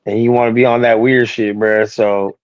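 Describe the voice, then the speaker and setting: A man's voice: medium pitch, little pitch movement, normal speed, no room sound. A man on a livestreamed boxing talk show, ranting profanely about a feud and raising his voice when he quotes others. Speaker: streamer co-host. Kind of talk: heated casual chat. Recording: dry, muffled stream audio.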